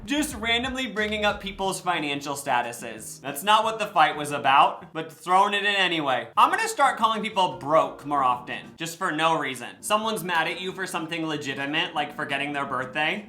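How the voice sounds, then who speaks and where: Sassy young man with a bright voice. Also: fairly high pitch, lively intonation, fairly quick, few pauses. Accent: American. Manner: sassy, sarcastic, playful asides. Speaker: YouTube reaction host. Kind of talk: comedic reaction commentary.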